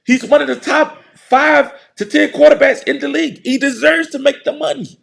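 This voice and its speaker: A middle-aged man hosts a show, delivering a casual, joking commentary monologue with mocking put-on voices and frequent laughter. His very high voice is gravelly and fairly bright, with a steady tone and moderate pace.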